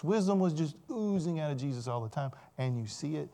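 A man's voice: on the high side, lively intonation, brisk, gravelly, hardly any pauses, dark tone. A man preaching a sermon in a conversational, emphatic way, often asking the listeners rhetorical questions.

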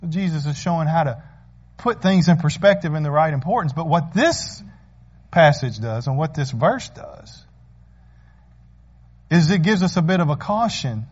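A man's voice: fairly high pitch, lively intonation, moderate pace, pauses often, husky, highs cut off. A man preaching a sermon as pastor, earnest and asking the congregation rhetorical questions.

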